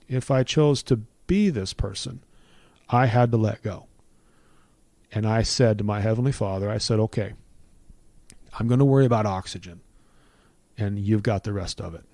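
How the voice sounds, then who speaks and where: A middle-aged man tells his story with earnest conviction, building his points through repetition the way a preacher would. His voice is warm and mellow, sitting in a middle pitch. It is recorded close and dry, with no room sound around it. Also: dry recording. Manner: earnest, preacherly build-ups with repeated phrases. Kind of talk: personal testimony in conversation.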